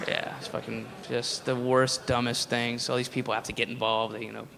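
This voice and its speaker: A man's voice: mid-range voice, level tone, moderate pace, gravelly, fairly bright tone, a faint crowd. A man doing a stand-up set, ranting profanely and sarcastically with mocking whispered asides. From United States. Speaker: stand-up comedian. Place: comedy club stage with laughing audience. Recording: live club recording, audience murmur and faint noise.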